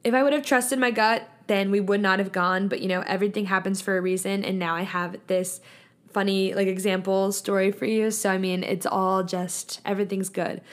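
A young woman talks through a casual solo podcast episode at a mid-range pitch. Her speech is chatty and earnest, full of "like" and loose restarts, and she keeps a reflective tone as she thinks aloud. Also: fairly even intonation, brisk. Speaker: podcast host.

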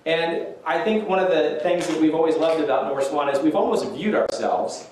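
A man's voice: fairly high pitch, animated, moderate pace, darkish tone, slight background noise. A man preaching a conversational sermon in a church, easygoing and self-deprecating, with chuckles. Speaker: pastor. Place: church sanctuary. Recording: echoey church room from a distance.

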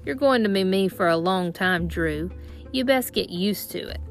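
A woman's voice: mid-range voice, animated, normal speed, vocal fry, soft background music. A woman voicing a proud, bossy boy from long ago who talks in scornful, old-timey phrases in an audiobook. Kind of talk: audiobook narration.

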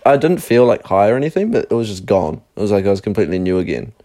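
A young man with a fairly low voice tells a long story in casual chat. He rambles, leans on "like" constantly and swears freely. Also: big pitch swings, quick pace, dark tone. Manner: rambling anecdote full of "like" and swearing.

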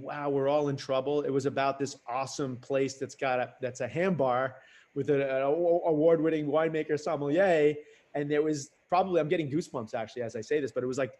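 A man's voice: mid-range voice, a little mellow. A man hosting an interview, effusive and gushing with praise for his guest. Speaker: podcast host.

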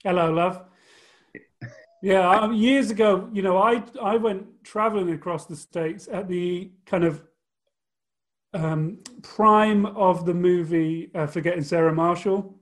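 British male co-host, slightly high pitch, dry humor, relaxed anecdotes. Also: a little slow. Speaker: podcast co-host. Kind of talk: casual podcast chat.

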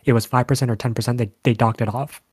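A man's voice: medium pitch, fast, slightly rough, no room sound. Chatty young man telling stories. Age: young adult. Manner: animated storytelling, frequent fillers. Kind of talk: casual chat.

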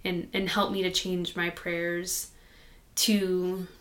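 A woman guest on a podcast, telling a personal faith story in a soft, halting, conversational way. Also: fairly low pitch, little pitch movement. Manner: soft-spoken and halting, with many restarts.

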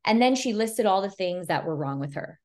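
A woman's voice: medium pitch, animated, moderate pace, a little mellow. A woman photographer chatting as a podcast guest. She tells stories casually, with lots of fillers, and slips into the voices of the people she describes. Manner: chatty, filler-heavy, retells scenes with quoted dialogue. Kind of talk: casual storytelling chat.

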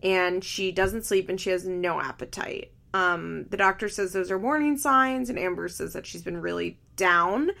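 Female podcast host, casual and blunt, constant "like" fillers, gravelly fry in the voice. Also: fairly low pitch, normal speed, hardly any pauses, sharp tone. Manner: blunt, opinionated, heavy use of "like" fillers. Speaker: podcast host recapping a reality show. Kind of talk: casual chat.

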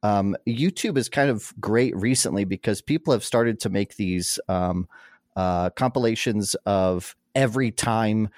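Low-voiced man, relaxed game master. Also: measured pace, no echo, clean studio sound. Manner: rambling, relaxed, with frequent fillers and laughs. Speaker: game master of an actual-play podcast. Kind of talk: casual podcast chat. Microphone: remote call microphone.

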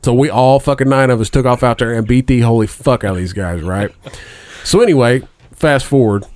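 A man's voice: mid-range voice, fairly quick, a little mellow, no room sound. A middle-aged man telling a long profane story in a casual chat, rambling and laughing at his own tale.

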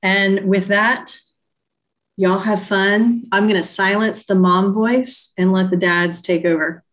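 Woman host, unhurried delivery, mid-pitched, live video-call show. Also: steady tone.

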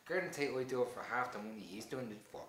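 A man's voice: medium pitch, quick pace, a bit bright, a little hiss or hum. Blunt ranting man, echoey room. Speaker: podcast co-host. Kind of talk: casual chat.

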